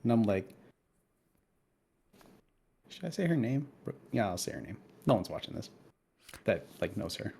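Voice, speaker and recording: A man's voice: on the low side, normal speed, creaky, pauses often, slight background noise. A man in his thirties co-hosting a podcast, telling a story in casual chat with lots of swearing and heated asides. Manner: profane, animated storytelling. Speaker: podcast co-host.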